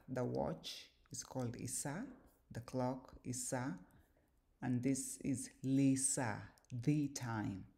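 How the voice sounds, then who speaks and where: A woman giving an explanatory lesson, speaking deliberately with occasional filler pauses. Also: very deep voice, vocal fry, mellow, slight background noise. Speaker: language and scripture teacher.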